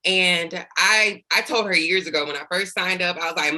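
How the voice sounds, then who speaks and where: A woman's voice: fairly low pitch, moderate pace, few pauses, bright, forceful tone, rough recording. A woman speaking on a video call as a newly promoted sales director, thanking her team in a heartfelt, effusive way while fighting back tears. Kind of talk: celebration speech on a video call.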